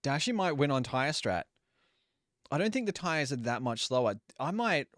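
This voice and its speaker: A man's voice: a little high, very animated, normal speed, a bit bright, dry recording, studio quality. A young man streaming a racing game live, chatting casually, swearing freely and apologizing to viewers for audio trouble. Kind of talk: casual live gameplay commentary.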